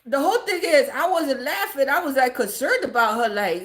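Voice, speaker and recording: A woman livestreaming a story to her chat, profane and animated, often breaking into laughter. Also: high voice, fairly quick, echoey room. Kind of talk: casual storytelling to a live chat.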